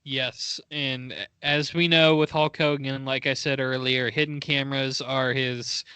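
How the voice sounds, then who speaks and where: A man's voice: medium pitch, level tone, unhurried, pushed and bright, clear, resonant tone, no echo. A man co-hosting a casual podcast chat, laughing often and playfully mimicking wrestlers. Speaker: podcast co-host.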